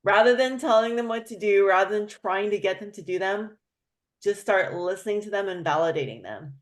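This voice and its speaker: A woman hosts a relaxed conversation, spinning a story with animated flair. She slips into the voices of the people she quotes. Her voice sits at a middle pitch. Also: fairly quick. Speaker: host. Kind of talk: casual chat.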